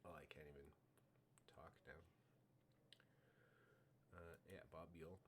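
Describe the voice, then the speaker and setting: A man's voice: a bass voice, steady tone, takes it slowly, noisy background. A man streaming a baseball card game live, muttering his picks to himself in a self-mocking way, with faint clicking behind him.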